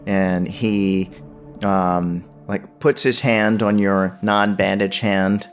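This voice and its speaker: A male game master narrating a tabletop horror game in an unhurried way, stopping often for ums and uhs. His voice is somewhat low, with faint music running underneath. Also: fairly even intonation.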